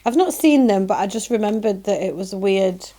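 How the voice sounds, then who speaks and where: A woman's voice: mid-range voice, expressive, brisk, dark tone. A woman with a Yorkshire accent giving a chatty, effusive pick-a-card tarot reading, full of "um"s and exclamations of delight. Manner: chatty and effusive, frequent "um"s and "lovely". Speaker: tarot reader.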